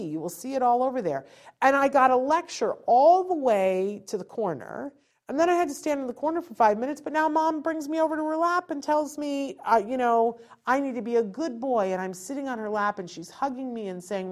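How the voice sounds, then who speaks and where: A woman giving an informal teaching talk to parents. She acts out quotes and keeps asking rhetorical questions. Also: sits high. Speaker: parent educator.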